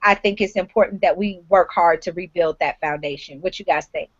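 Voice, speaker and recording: A woman's voice: fairly low pitch, a little fast, lo-fi sound. A woman hosting a live online talk show, giving blunt, frank advice with casual swearing.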